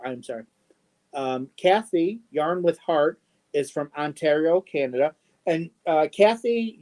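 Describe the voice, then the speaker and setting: Hosting a casual live stream, a middle-aged man reads viewer comments aloud in a slightly high, darkish voice. He speaks very slowly and haltingly, pausing often with ums and adding affectionate little asides.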